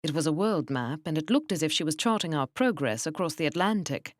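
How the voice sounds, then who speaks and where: Low-voiced woman narrating an audiobook. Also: expressive, dry recording. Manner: measured, wry. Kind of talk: scripted narration.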